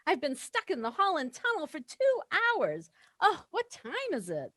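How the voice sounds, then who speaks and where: A woman's voice: high-pitched, wildly swooping pitch, normal speed, a bit bright, no room sound, clean studio sound, full character voice. A woman playing a nervous suburban woman in her late thirties in a read-aloud stage play, breathless and flustered, always trying to leave. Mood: anxious. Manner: jittery, breathless, keeps saying she must leave.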